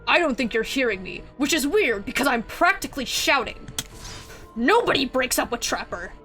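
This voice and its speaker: A woman reads out a cold female ghost from a dating game, her voice dropped lower and hushed. Her line delivery stays slow and soft, tender on the surface with menace underneath. Faint music hums behind her. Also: sing-song, exaggerated voice. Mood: bitter. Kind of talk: reading a dating game's lines aloud.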